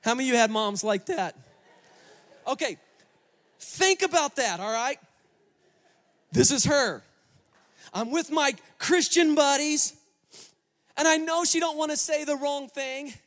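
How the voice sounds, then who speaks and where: A male pastor preaching a sermon, telling a story as a lively storyteller with joking asides to the congregation. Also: very high voice, measured pace, pauses often. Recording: long reverb of a large hall.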